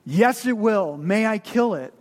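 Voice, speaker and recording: Man playing an implacable angel, slow and low, in a long-reverb hall. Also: lively intonation. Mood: insistent. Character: stern calm male angel, relentless and unhurried.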